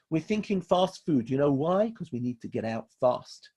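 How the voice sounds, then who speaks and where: A man's voice: fairly high pitch, big pitch swings, moderate pace, mellow, breathy edge. A man from England, a rabbi giving a Torah lecture in an emphatic way, repeating key phrases to drive them home. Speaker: rabbi teaching a class.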